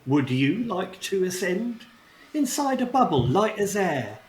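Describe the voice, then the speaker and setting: A man's voice: high voice, big pitch swings, a little slow, roomy sound, slight background noise, voice pushed up. A man voicing a polite male goblin ride keeper who speaks in sing-song rhyming couplets. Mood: courtly, sing-song.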